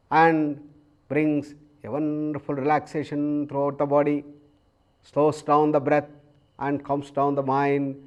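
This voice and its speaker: A man with an Indian English accent giving a calm, measured yoga lecture, explaining breathing practices with long pauses. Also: on the high side, muffled recording. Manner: chants Sanskrit verses slowly. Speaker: yoga teacher.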